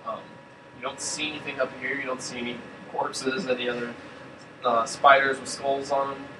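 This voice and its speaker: A man's voice: medium pitch, moderate pace. Man game master in an echoey room. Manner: relaxed, hesitant, lots of fillers. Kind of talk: narrating a tabletop game. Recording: distant, roomy, air-conditioner hum.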